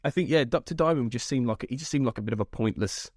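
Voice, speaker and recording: A man's voice: medium pitch, fast talker, no room sound, studio quality. A man hosting a podcast, talking in a rambling, self-interrupting way with frequent laughter. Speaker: podcast host. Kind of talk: casual chat.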